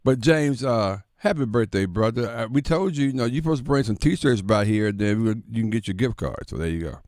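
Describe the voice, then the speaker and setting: A man hosting a sports talk show, chatting in a relaxed, affirming way. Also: fairly low pitch, fairly quick, dry recording. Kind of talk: casual sports radio talk.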